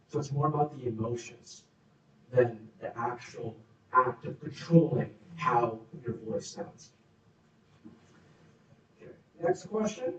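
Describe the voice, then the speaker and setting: A man's voice: mid-range voice, expressive, moderate pace, pauses often, recorded from a distance, lo-fi sound. Man coaching in an echoey room. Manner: coaching, demonstrates voices and moods. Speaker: workshop speaker. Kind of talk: live workshop Q&A talk. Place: meeting room. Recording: echoey room, speaker off mic.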